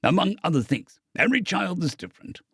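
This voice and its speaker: A man narrating an audiobook, voicing a sturdy, patient older father who explains things calmly. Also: high voice, a little fast, breathy edge, no echo, clean studio sound, pitched above the performer's own voice, full character voice.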